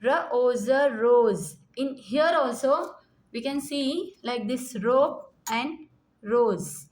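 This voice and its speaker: A woman's voice: on the high side, slow, a little mellow, a little hiss or hum. A woman with an Indian English accent teaching a phonics lesson, sounding out letters and repeating each word. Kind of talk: slow classroom phonics lesson.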